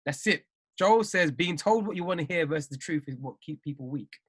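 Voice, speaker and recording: A man's voice: a little high, animated, brisk, fairly bright tone, breathy edge. A man giving an emphatic, repetitive motivational live-stream talk as a trading mindset coach. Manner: emphatic, repeats phrases, preachy.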